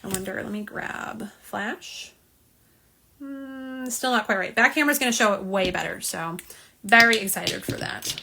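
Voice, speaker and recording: A woman's voice: mid-range voice, normal speed, creaky, background noise. A woman hosting a live nail polish unboxing stream, chatty and self-deprecating as she reads viewer comments aloud, filmed on a phone camera. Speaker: nail polish livestream host. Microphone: phone camera, front and back.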